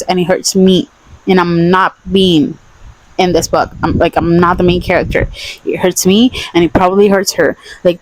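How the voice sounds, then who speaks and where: A woman's voice: medium pitch, dry recording, poor audio. A young woman vlogging a casual book review, emphatic and exasperated, repeating her points.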